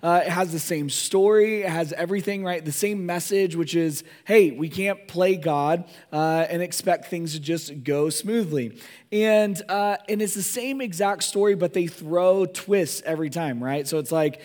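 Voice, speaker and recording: A man pastor giving a sermon with a hoarse voice from a cold, talking in a casual, joking way with many fillers and asides. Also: sits high, normal speed, darkish tone.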